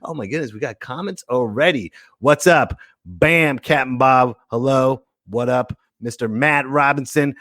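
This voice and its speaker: A male podcast host in casual live-stream chat, excitable and playful, full of jokey asides. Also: medium pitch, unhurried, hardly any pauses, no echo, studio quality.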